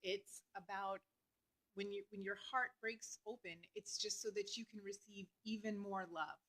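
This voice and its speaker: A woman vlogger talking earnestly and openly about her feelings, with many fillers and pauses. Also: mid-range voice, fairly even intonation, a bit bright, poor audio. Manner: earnest, heartfelt, talks through emotion with many fillers. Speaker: astrology vlogger. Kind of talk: personal reflective talk to camera.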